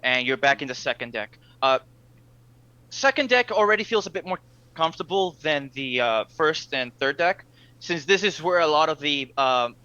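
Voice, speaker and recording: A man narrates as game master, talking in halting bursts full of fillers and restarts. His voice is bright and sits close and dry on the mic. The stream audio is a little dull and lo-fi. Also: fairly high pitch, expressive, smooth, no echo.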